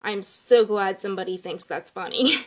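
A woman's voice: mid-range voice, moderate pace. Woman in her thirties, casual live-stream chat, rambling, chatty, jumps between topics. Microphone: phone or webcam on a live stream.

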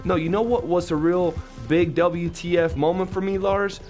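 A talkative young streamer uses plenty of slang while telling animated stories to his chat during a casual live game stream. He speaks at a normal speed in a high-pitched voice, with faint music in the background.

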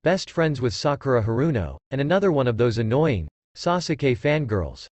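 A man's voice: medium pitch, sing-song, moderate pace, darkish tone, no room sound. A man voicing a confident young ninja who talks bluntly and matter-of-factly.

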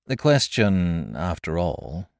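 A man voicing a composed, secretive young woman who speaks calmly and steadily. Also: deep voice, no echo, clean studio sound, full character voice. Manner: calm, measured and composed.

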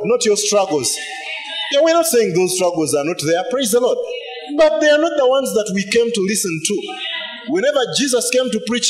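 A man's voice: very high-pitched, reverberant. A male pastor, preaching emphatically and asking the congregation rhetorical questions. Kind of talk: sermon.

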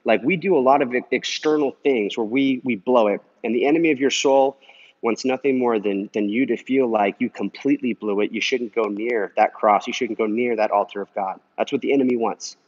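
A husky man at medium pitch speaks briskly, his tone somewhat dark, as he walks an indoor pool area answering a viewer comment for his Christian vlog. The encouragement is earnest and casual, full of "man" and "you know," on a dull, lo-fi recording.

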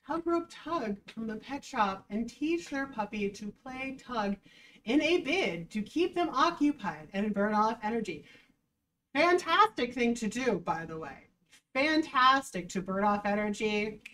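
Bright, sharp-voiced woman reacting sarcastically. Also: a little high, distant mic, slight background noise, poor audio. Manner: animated, sarcastic, laughs often. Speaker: dog trainer. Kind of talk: casual reaction commentary.

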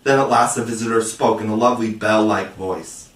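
A man narrating a storybook chapter in a dramatic, measured, expressive way. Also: fairly low pitch. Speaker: audiobook reader. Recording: roomy, distant mic.

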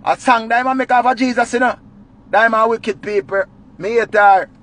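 A man with a Jamaican accent, telling a comic story in patois with lively swings between loud and quiet. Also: very high-pitched, normal speed. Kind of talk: animated comic retelling.

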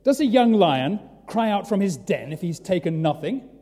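A man acting out a loud open-air prophet. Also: high voice, expressive, brisk, voice pushed up. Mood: declaiming. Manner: loud, declaiming street-preacher questions. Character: male open-air prophet calling out questions to passers-by. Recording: long church reverb.

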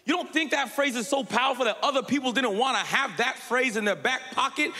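High, bright-voiced stand-up comedian. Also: male voice, expressive, brisk. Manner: punchy, shouted punchlines. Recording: live hall with long reverb. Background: audience laughter.

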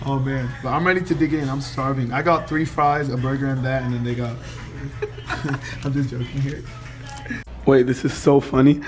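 A young man in his twenties with a hoarse, worn-out voice, chatting casually and joking to his vlog audience. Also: mid-range voice, moderate pace, long pauses, reverberant, over music. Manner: excitable, joking. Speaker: vlogger.

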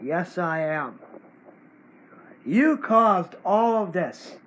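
Brief: man, high voice, swings widely up and down, unhurried, repetitive scolding rant. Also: lively intonation, a bit bright, low-quality recording. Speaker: channel owner. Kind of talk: angry rant to camera.

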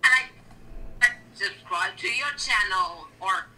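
A man's voice: high voice, takes it slowly, sharp tone, poor audio. A young man playing a game with a friend and teasing him in a playful way. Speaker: guest player. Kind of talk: casual gaming chat.

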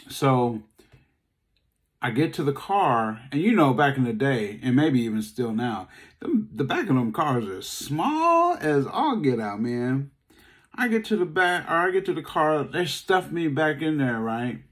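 A man giving a talk, telling a personal story in a casual, conversational way and acting out the dialogue. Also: measured pace. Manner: animated, acts out dialogue, voice jumps high when upset. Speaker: speaker.

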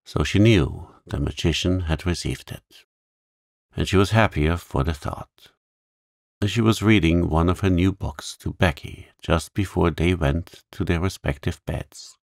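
A man narrating a calm bedtime story in a gentle, soothing way. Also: low voice, creaky, no room sound, clean studio sound.

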